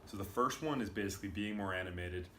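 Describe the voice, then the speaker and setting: A man's voice: deep voice, fast, sharp tone. A man giving a loose, casual commentary full of fillers as he explains clips. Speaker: video commentator. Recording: roomy with faint noise.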